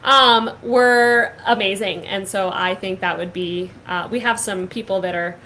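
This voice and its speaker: A woman's voice: medium pitch, fairly even intonation, unhurried, pushed and bright, a little hiss or hum, poor audio. A young woman hosting a casual online show, gushing and upbeat, with lots of filler words. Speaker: host. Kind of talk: casual chat.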